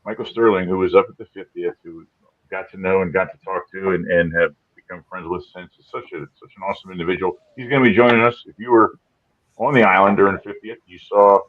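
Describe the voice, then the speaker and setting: An upbeat man hosts a live show in a lowish voice, rambling along with frequent restarts. His voice comes through slightly dull, lo-fi stream audio. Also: fairly even intonation, fast talker. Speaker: podcast host. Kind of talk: casual live-show chat.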